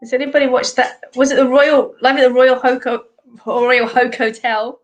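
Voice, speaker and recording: A woman's voice: sits high, fairly even intonation, normal speed. A middle-aged Australian woman hosting a live stream, chatting casually with viewers in a rambling way and laughing often. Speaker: host.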